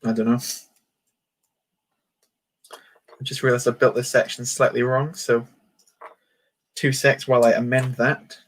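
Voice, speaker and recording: A man's voice: mid-range voice, flat delivery, measured pace, pauses often. A man chatting casually on a livestream while building a toy set, joking and poking fun at himself. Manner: chatty, joking, self-mocking.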